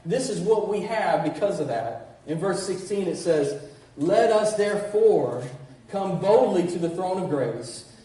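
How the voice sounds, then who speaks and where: A high-voiced, mellow-toned middle-aged man preaches a sermon, calling out to the congregation again and again and restarting his phrases. He is picked up from far off in a very echoey church with faint noise. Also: animated, a little slow. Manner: preaching with repeated "church" call-outs and restarts. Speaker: pastor. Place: church sanctuary.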